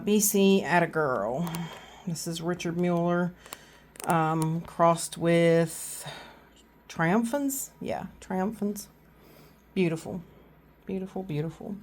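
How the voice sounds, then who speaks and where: A middle-aged woman with a Southern US accent talks through her shelves indoors at home, recorded on a handheld phone. Her voice sits a little low, and she rambles in an easy, chatty way, full of fillers and restarts. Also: a little mellow, a little hiss or hum. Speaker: orchid vlogger. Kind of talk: casual walkthrough of her plants.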